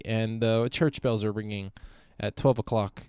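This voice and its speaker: A man's voice: lowish voice, steady tone, measured pace, darkish tone, clear, resonant tone, dry recording, clean studio sound. A young man hosting a solo podcast, rambling and swearing freely, often trailing off and restarting. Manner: profane, meandering, self-interrupting. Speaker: podcast host.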